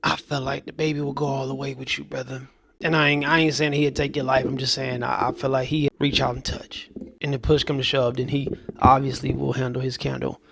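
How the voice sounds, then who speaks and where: A man hosting casual reaction commentary, talking in a laid-back, conversational way with relaxed slang. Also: medium pitch, brisk, vocal fry, crowd noise. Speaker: host.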